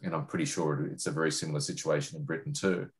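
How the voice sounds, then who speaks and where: A middle-aged Australian journalist and foreign correspondent with a deep, low voice answers interview questions about his reporting. His tone is steady, but he speaks hesitantly, restarting sentences and filling pauses with ums and uhs.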